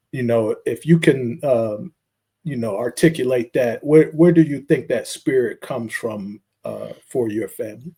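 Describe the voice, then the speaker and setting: A man hosting a podcast, telling a story in an easygoing, steady way with light fillers before asking his guest a question. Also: medium pitch, breathy edge. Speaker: podcast host. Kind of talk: casual interview talk.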